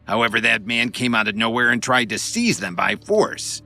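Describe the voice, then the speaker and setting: A man's voice: medium pitch, big pitch swings, normal speed, creaky, sharp tone, faint music behind, exaggerated voice. A man voicing a spoiled, boastful young man who whines and exaggerates to his father in an audiobook. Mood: whining. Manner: whining, pleading, exaggerating. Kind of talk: audiobook narration.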